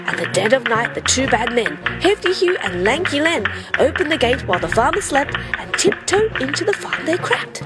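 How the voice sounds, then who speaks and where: A woman reads a rhyming children's picture book aloud. Her high voice bounces through a wide, playful melody in a sing-song rhythm. Loud music plays behind her the whole time. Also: very animated, moderate pace, few pauses. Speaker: storyteller.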